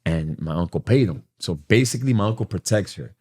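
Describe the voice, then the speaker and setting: Give me a low-voiced man from Miami telling a rough, profane story in casual talk. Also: expressive, fairly quick, a little mellow. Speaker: guest.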